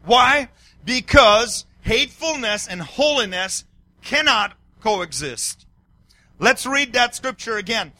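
A middle-aged male pastor preaching a sermon, excitable, swinging between yelling and quiet asides. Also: very high voice, takes it slowly, no room sound.

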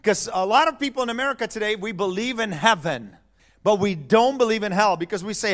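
High-voiced man preaching a sermon. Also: animated, brisk, fairly bright tone. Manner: storytelling, conversational, checks in with "okay?". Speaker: pastor.

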